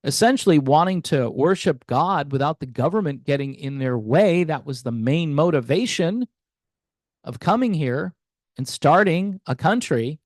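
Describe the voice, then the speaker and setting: A man's voice: on the high side, lively intonation, unhurried, darkish tone, no room sound. A man hosting a commentary channel, arguing skeptically with many rhetorical questions and hesitant restarts. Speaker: music commentary channel host. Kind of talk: opinion commentary vlog.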